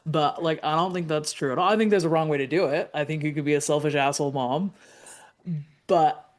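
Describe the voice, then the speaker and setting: A woman's voice: low voice, fairly quick. Earnest woman co-hosting a podcast. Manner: earnest, talks in long run-on thoughts with many "like"s. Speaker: podcast co-host. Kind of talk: casual chat.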